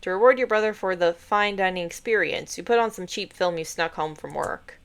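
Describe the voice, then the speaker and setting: A woman streaming a story game, reading out the narration and chatting between scenes. Her voice sits lowish, and her talk is casual and full of fillers. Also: brisk, hardly any pauses. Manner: chatty, swearing, filler-heavy. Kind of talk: playthrough commentary and narration.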